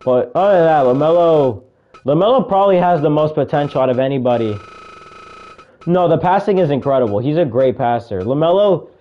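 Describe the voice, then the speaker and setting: A young man casually commentating a video game he is playing, calling moves with excitement, shouting at big moments and muttering asides to himself. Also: a little high, dull audio. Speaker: gaming video creator.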